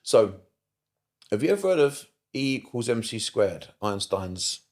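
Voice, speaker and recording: This guest is a middle-aged therapist from the United Kingdom, lively on a casual podcast, with frequent swearing and emphatic repetition. He speaks on the low side and a little slowly.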